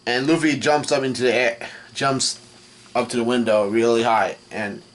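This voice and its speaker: Man haltingly recapping a comic. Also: mid-range voice. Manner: halting, full of restarts and fillers, reads quoted lines flatly. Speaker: manga reaction vlogger. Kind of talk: casual recap while reading.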